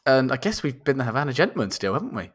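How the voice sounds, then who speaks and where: A man's voice: medium pitch, very animated, very fast. A young man co-hosting a podcast, teasing his friend in casual banter. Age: young adult. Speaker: podcast co-host. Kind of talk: casual chat.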